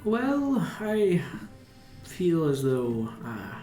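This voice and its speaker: A man's voice: a little high, wildly swooping pitch, very slow, mellow, voice pushed up, full character voice. A man doing a genial priest selling potions. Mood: businesslike. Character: genial male priest running a potion shop. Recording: roomy room, music behind.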